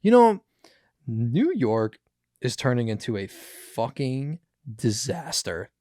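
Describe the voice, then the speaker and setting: A man's voice: medium pitch, very animated, takes it slowly, mellow, dry recording, studio quality. A young man hosting a podcast, chatting casually about news clips, rambling and swearing with many fillers. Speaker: podcast host.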